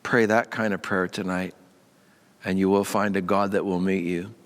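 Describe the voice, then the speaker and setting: A man's voice: low-pitched, flat delivery, moderate pace, long reverb tail. A male pastor giving a short, earnest devotional talk in a conversational tone, lifting his voice when he stresses strong feelings.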